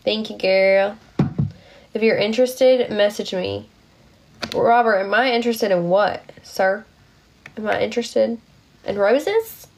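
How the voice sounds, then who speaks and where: A woman's voice: mid-range voice, steady tone, a little slow, long pauses. A young woman, sick and tired, chatting casually on a phone livestream, thanking viewers with lots of fillers.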